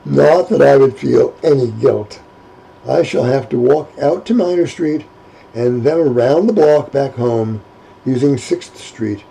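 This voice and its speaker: A man with a gravelly, husky voice voicing a proud young woman who speaks with measured indignation. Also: medium pitch, mellow, rough recording. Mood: dignified, mortified. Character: young woman, mud-covered, proud and defiant.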